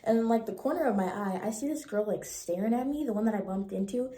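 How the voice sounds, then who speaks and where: A young woman in her twenties telling a storytime vlog in an animated, slangy way and acting out the voices. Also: mid-range voice, fast talker. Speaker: vlogger. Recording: roomy echo.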